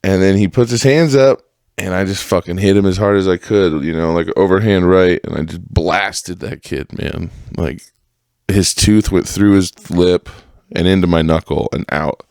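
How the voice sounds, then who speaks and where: A man with a low-pitched voice and some vocal fry hosts a solo podcast, telling old stories at a moderate pace in a rambling, profane, casual monologue. He gets animated when mimicking other people's voices, and the recording is dry, with clean studio sound.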